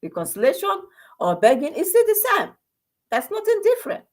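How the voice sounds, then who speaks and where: A woman's voice: very high-pitched, huge pitch swings, fairly quick. A woman with a Nigerian accent giving an impassioned monologue, firing off rhetorical questions and restarting her sentences. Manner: rhetorical questions, many restarts, switches into Igbo. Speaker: commentator on a personal channel.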